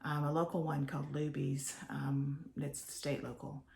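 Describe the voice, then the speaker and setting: A woman's voice: low voice, little pitch movement, measured pace, creaky, darkish tone. An older woman from Texas chatting in a meandering way to her viewers from a home office, sometimes dropping to a whisper. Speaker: vlogger. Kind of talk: rambling casual vlog.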